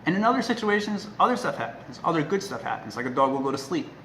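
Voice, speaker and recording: A man talking casually to the camera as a dog trainer, earnest and emphatic, often checking in with a quick "right?". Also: fairly high pitch, very animated, fairly bright tone. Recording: echoey room with faint noise.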